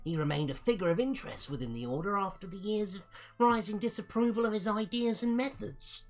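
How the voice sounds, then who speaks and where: A tabletop game master reading out a letter as an old male mentor, in a measured, formal way. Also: mid-range voice, expressive, pitched above the performer's own voice, lightly acted. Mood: formal, approving. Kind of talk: reading a letter aloud in character.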